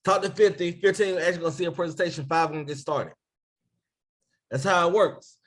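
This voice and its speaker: A man coaching his team over a live stream, his voice sitting a little high for a man. He talks with lively energy, keeps asking viewers to post in the comments and shouts people out by name. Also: fairly quick. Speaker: business coach.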